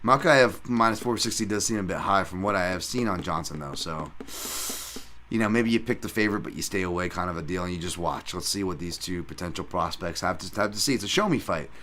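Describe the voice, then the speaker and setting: A man's voice: sits low, a little fast, pushed and bright. A man hosting a podcast, casually breaking down fight picks with rambling, self-interrupting, profane talk. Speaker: podcast host. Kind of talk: casual MMA betting breakdown.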